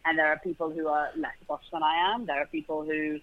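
A man's voice: fairly high pitch, flat delivery, brisk, phone-quality sound. A man with a middle-class London accent, a guest talking casually and thoughtfully, often stopping to restart his sentences. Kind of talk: casual conversation.

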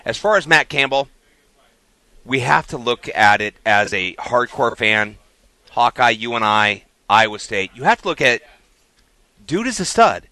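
A man co-hosting a sports radio show, excitable and playful, firing off questions to his partner. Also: mid-range voice, measured pace, dry recording. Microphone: studio mic.

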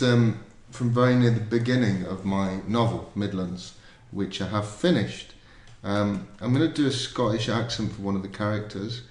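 A man's voice: lowish voice, a little mellow, roomy sound. Hesitant man reading aloud. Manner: hesitant, self-deprecating. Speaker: comedian and novelist. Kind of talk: workshop discussion and reading aloud.

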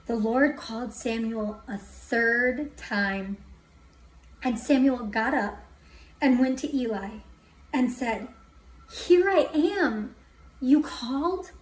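A woman's voice: fairly high pitch, darkish tone. A woman preaching a testimony sermon, telling her story dramatically and dropping to a whisper for emphasis. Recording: echoey hall from far off.

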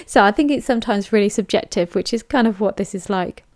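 A woman's voice: mid-range voice, quick pace, darkish tone, no echo, studio quality. An English woman giving a chatty, candid book review monologue, emphatic and full of fillers. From England.

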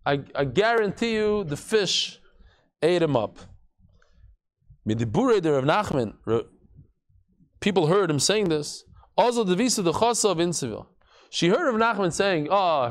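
Animated man teaching a Talmud class. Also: fairly high pitch. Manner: animated, acts out quotes with shifting voices and jokes.

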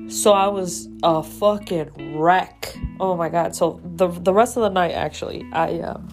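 Woman host, slow and low-pitched, emotional and profane personal storytelling, faint guitar music underneath. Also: a little mellow. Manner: raw, emotional, heavy swearing. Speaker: podcast host.

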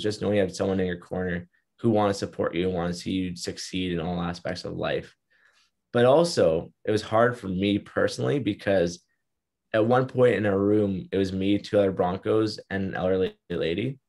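A man's voice: sits low, steady tone, fairly quick, a little mellow. A young man telling his story as an interview guest, in an earnest, reflective way. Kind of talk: casual interview.

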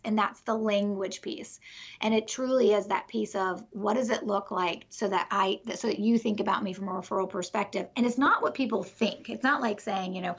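Energetic woman coach with a husky voice. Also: mid-range voice, muffled recording. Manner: energetic, explains with conviction, laughs lightly. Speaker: business referral coach and author, podcast guest. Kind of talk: podcast interview.

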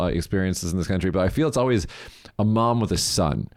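A man co-hosting a casual chat, animated, acting out people in quoted voices and laughing often. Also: low-pitched, fast. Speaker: podcast co-host. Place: lives in Japan.

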